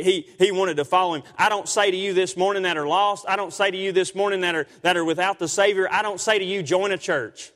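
A man's voice: high-pitched, a bit bright. A man preaching a sermon as pastor, repeating himself, stammering and asking rhetorical tag questions, with King James wording. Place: church sanctuary. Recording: long church hall reverb.

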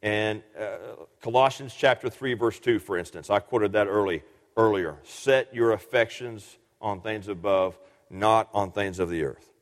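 A man's voice: fairly low pitch, unhurried. A man preaching a sermon in an earnest teaching manner, often restarting and repeating words. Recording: long hall reverb.

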